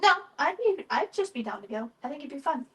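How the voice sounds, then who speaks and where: Easygoing young woman, higher voice. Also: big pitch swings, quick pace, a bit bright, poor audio. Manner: easygoing, laughs often, hesitant fillers. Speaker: podcast co-host. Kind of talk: casual chat.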